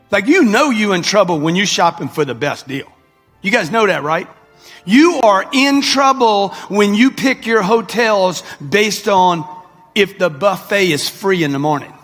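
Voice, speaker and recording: A man's voice: sits high, lively intonation, unhurried, fairly bright tone. A man, giving a brash motivational talk to a live audience and calling out to the crowd. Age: 60s. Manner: brash, preachy, addresses the crowd directly with slang. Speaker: motivational speaker. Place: large hall before a live audience. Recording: echoey hall with music underneath.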